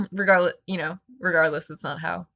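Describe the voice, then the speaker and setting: A woman's voice: on the low side, sing-song, sharp tone. An American woman co-hosting a casual book podcast, cracking jokes as she picks apart the writing. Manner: joking, quick with wisecracks. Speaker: podcast co-host. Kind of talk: casual book-club chat.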